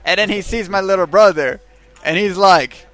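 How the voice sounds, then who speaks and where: A man's voice: sits high, normal speed, fairly bright tone, soft background music. A man telling a rambling, profanity-heavy story on a stream. He keeps checking in with his listeners by asking "right?". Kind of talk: casual storytelling.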